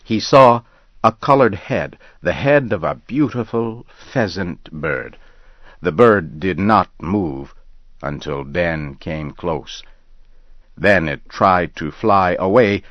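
A man reading a scripted story aloud in a slow, measured way. The recording sounds dull and lo-fi. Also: low voice, expressive, no room sound.

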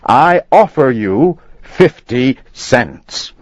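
A man voicing a furious, indignant gentleman customer who shouts and sputters. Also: medium pitch, big pitch swings, drawn-out words, no echo, voice pushed up, heavily acted. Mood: outraged. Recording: dull lo-fi recording.

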